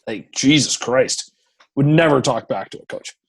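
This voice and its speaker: A man who is a professional hockey goaltender, a guest telling casual stories full of swearing and acting out his own shouting. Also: mid-range voice, moderate pace, gravelly, breathy edge. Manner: profane, animated storyteller who acts out shouting. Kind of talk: casual storytelling interview.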